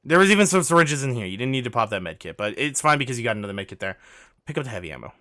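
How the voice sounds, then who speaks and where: A man's voice: mid-range voice, very animated, racing, sharp tone, no echo, studio quality. A man coaching over gameplay footage, urgent and insistent, repeating his instructions and pleading with the player. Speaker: gaming coach.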